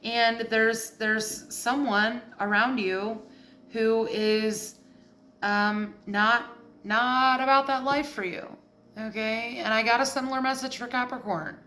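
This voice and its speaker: A woman's voice: a little high, fairly even intonation, takes it slowly, pushed and bright, slight background noise. Blunt, fired-up woman reading tarot. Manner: blunt, profane, heated. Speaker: tarot reader.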